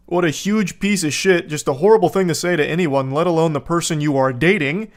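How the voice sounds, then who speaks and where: A man with a slightly raised voice reads text messages aloud and picks them apart. His delivery is dry and sarcastic, with deadpan asides. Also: fairly high pitch, a little fast, hardly any pauses. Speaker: commentator.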